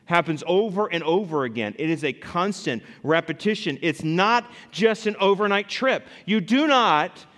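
A male pastor preaching a sermon, animated, rising loud for emphasis and dropping low to read scripture. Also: normal speed, few pauses. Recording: long reverb in a large hall.

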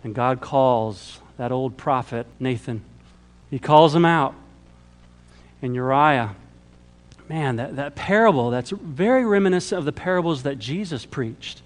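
A man preaching a sermon, swinging between hushed and loud delivery and acting out the quoted lines. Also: medium pitch, animated, a little slow. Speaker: pastor.

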